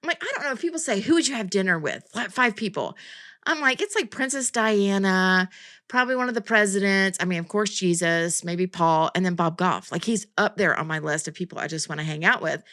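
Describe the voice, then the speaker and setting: A woman's voice: medium pitch, animated, brisk, a bit bright. A woman hosting a podcast, telling a story in a chatty, self-deprecating way with bursts of laughter. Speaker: podcast host.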